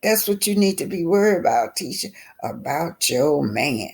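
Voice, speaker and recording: A woman's voice: low-pitched, sing-song, normal speed, gravelly, a little mellow, breathy edge. A woman hosting a live stream, reading viewer comments aloud and firing back with indignant, mocking retorts.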